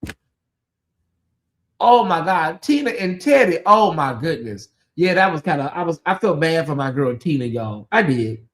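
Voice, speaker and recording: Speaking at a normal speed, this livestream host runs a late-night gossip show with a high, lilting male voice. His manner is chatty and loose, addressing viewers directly and veering into lively asides.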